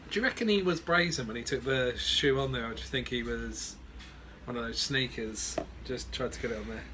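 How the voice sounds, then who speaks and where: A man's voice: mid-range voice, fairly quick. A man co-hosting a podcast, giving dry, teasing replies in casual chat. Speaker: podcast co-host. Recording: faint background noise.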